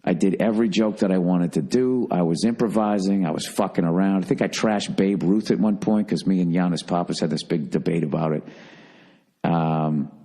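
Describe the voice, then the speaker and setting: A man's voice: low-pitched, steady tone, normal speed, dark tone. A man hosting a podcast, telling a story in a casual, profane, emphatic monologue. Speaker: podcast host.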